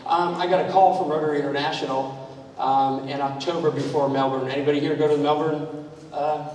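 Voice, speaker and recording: A man's voice: fairly high pitch, fairly even intonation, a little fast, a little mellow. A man giving a conversational, anecdotal speech to an audience in a large room, telling stories and quizzing the crowd. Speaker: speaker at a club training event. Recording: echoey hall, mic far off, faint noise.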